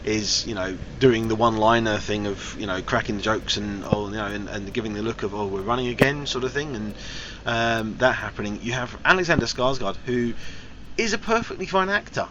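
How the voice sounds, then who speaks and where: A man's voice: lowish voice, fairly quick, a crowd in the background. A man giving a casual, frank spoken film review, his sentences loose and wandering. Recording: slightly dull recording with faint hiss.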